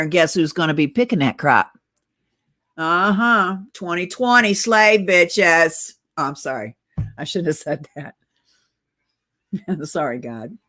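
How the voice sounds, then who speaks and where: Casual and conspiratorial, a middle-aged woman on oxygen rants urgently into the camera for her political vlog, short of breath and calling her viewers guys. Her voice is on the low side and a bit bright.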